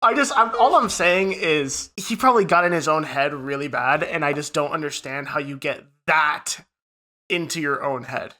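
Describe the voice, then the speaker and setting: A man's voice: fairly high pitch, normal speed, pushed and bright. A young man co-hosting a podcast, swearing a lot as he retells a story in casual chat. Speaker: podcast co-host.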